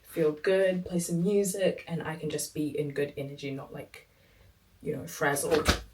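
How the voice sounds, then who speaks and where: A woman in her twenties vlogging casually to camera, chatty and rambling, her voice hoarse and sore. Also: sits low, measured pace. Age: 20s. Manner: chatty, rambling, self-talk. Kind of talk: casual vlog chat.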